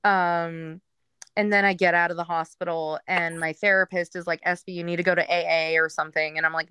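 A woman with a bright, clear voice tells her own story frankly, her talk loose and full of fillers. The sound is dry and close, with no room around it. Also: fairly low pitch, flat delivery, brisk, no echo. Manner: frank, rambling, with frequent fillers and laughs. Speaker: guest telling her recovery story. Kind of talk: candid personal storytelling.

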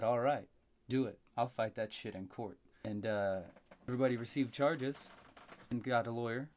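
A man telling a long story in casual talk, cursing freely and getting animated. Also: medium pitch. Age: adult with a young child. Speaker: podcast host.

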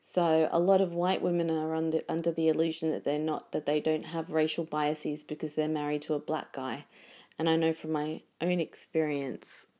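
A low-pitched woman in relaxed conversation. She thinks out loud, circling back and restarting her sentences as she goes. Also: moderate pace. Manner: rambling, reflective, many restarts and fillers. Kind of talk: casual conversation.

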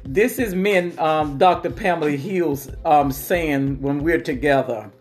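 A podcast host who talks very slowly and reacts often with short exclamations. Faint music sits low in the background. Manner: reactive, interjects "wow". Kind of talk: podcast hosting.

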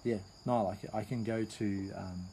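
A man with a New Zealand accent chats loosely on a home podcast. His voice sits low and easygoing, and he laughs often and leaves sentences hanging. A faint hum of insects carries in the background. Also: steady tone, normal speed, gravelly, dark tone. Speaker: podcast co-host. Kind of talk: casual chat.

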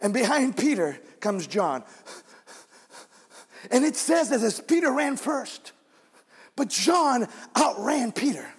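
A male guest preacher giving an animated, dramatic storytelling sermon on a handheld microphone, calling out to his congregation, with a husky voice. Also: very high-pitched, slow pace. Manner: animated, emotive, calls on the congregation. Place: church sanctuary. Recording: long reverb in a large church hall.

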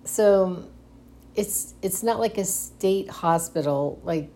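Slow, hesitant woman telling her story. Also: mid-range voice, mellow. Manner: hesitant, restarts often, nervous giggles. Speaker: podcast host. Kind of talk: casual solo monologue.

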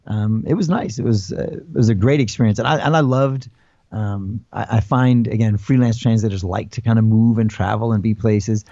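An American man in his forties, rambling through his answers with restarts and fillers. His voice is dark and mellow. The sound is dry and slightly dull, as if over a remote call. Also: lowish voice, moderate pace, creaky, dry recording. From United States. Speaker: guest. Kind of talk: casual interview talk.

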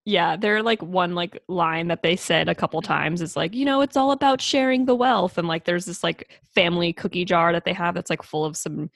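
A woman's voice: on the low side, moderate pace, creaky, few pauses, fairly bright tone, no room sound, studio quality. A woman in casual podcast chat, giggly and full of fillers, recounting a film's plot. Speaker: podcast co-host. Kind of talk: casual movie recap chat.

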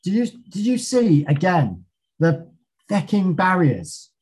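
A man with a slightly raised pitch recaps a race for a podcast. He speaks in clipped fragments, fills the gaps with ums, and swears without a second thought. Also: sing-song, takes it slowly, a little mellow, slightly rough, poor audio. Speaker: podcast co-host. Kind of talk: casual race recap from notes.

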